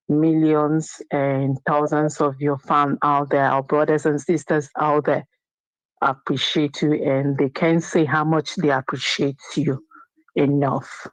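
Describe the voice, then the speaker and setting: A woman's voice: low voice, flat delivery, slow, no room sound, low-quality recording. A woman from Nigeria calling in to a show, effusive and full of praise and blessings. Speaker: caller. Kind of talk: phone call-in chat.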